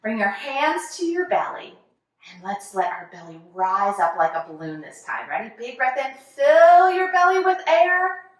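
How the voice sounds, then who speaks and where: A woman's voice: mid-range voice, big pitch swings, moderate pace. A young woman leading a children's yoga class with a cheerful, sing-song, encouraging manner. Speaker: kids yoga teacher. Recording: very echoey room, voice from far off.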